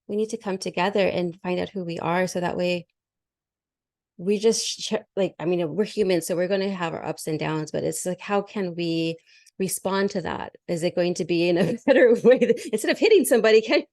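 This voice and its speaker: A woman's voice: lowish voice, brisk, a little mellow, no echo, clean studio sound. A middle-aged woman hosting a podcast, chatting casually about spiritual topics and laughing often mid-sentence. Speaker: podcast host.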